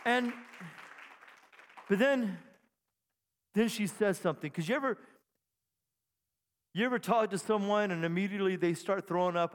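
A high-voiced male pastor preaches to his congregation, swinging from soft asides to loud, excited bursts. His voice rings out with a long reverb through the church hall. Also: normal speed, pauses often, clean tone, a faint crowd. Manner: animated preaching with bursts of shouting. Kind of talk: sermon. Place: church sanctuary.

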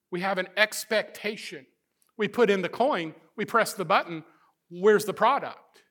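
A middle-aged man preaching a sermon as pastor, swinging between loud emphasis and hushed, intimate passages. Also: high voice, normal speed.

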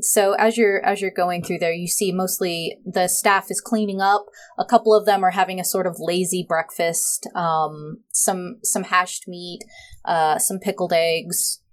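Woman, game master, scene narration, relaxed, some uhs. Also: fairly low pitch, measured pace. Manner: relaxed descriptive narration with fillers.

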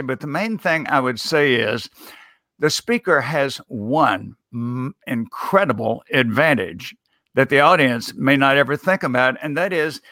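Rich: A male speech coach giving interview answers in a folksy, emphatic way, with the odd chuckle. His voice is bright and forward in a middle register. The sound is dry, with no echo. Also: medium pitch. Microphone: video call.

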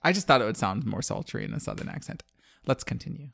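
A man co-hosting a podcast in casual chat, skeptical and quick to laugh. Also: mid-range voice, wildly swooping pitch, creaky, fairly bright tone, dry recording. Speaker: podcast co-host.

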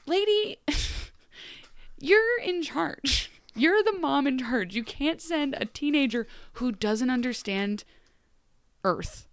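A woman's voice: high voice, expressive, takes it slowly, dry recording, clean studio sound. A woman from Ohio co-hosting a podcast, joking and rambling through a TV episode recap. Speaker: podcast co-host. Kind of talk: casual TV recap chat.

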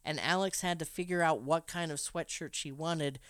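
A woman's voice: low-pitched, normal speed, a bit bright, clear, resonant tone, no echo. A woman co-hosting a podcast, recapping a film's plot in a casual, wry way with frequent laughs and asides. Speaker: podcast co-host recapping a film.

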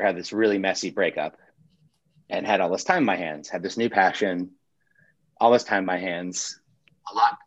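Deep-voiced laid-back man. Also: fairly bright tone, dry recording, highs cut off. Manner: laid-back, swears freely, acts out quotes. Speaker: pizzeria owner. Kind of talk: casual storytelling chat.

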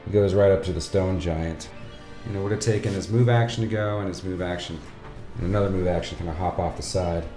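A man's voice: low-pitched, fairly even intonation, brisk. A man narrating as game master in a casual, rambling way. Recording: echoey room with loud music.

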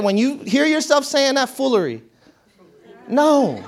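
A man speaking to an audience in a motivational talk. He is conversational and laughs often, dropping to low murmurs and then rising to excited peaks. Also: normal speed.

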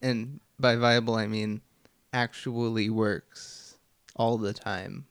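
A man playing a tabletop game, making dry, deadpan remarks. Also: lowish voice, slow, clear, resonant tone, no echo. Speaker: player.

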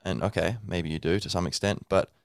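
A man's voice: low-pitched, fairly even intonation, a little fast, gravelly, dry recording, studio quality. A man hosting a podcast, speaking in a loose, rambling monologue full of fillers and sounding tired from little sleep. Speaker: podcast host.

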